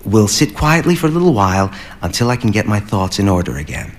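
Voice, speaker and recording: A man reading the lines of a timid, distraught woman who turns threatening, in a soft, hushed voice. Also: on the low side, very animated, fast talker, voice pushed down. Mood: menacing. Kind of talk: audiobook character reading.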